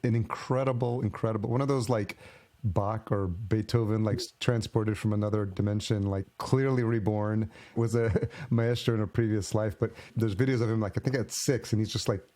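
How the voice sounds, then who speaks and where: Male podcast host with a somewhat low voice, eager and laugh-prone. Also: fairly even intonation, moderate pace, dark tone. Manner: enthusiastic, laughs often. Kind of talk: casual interview chat.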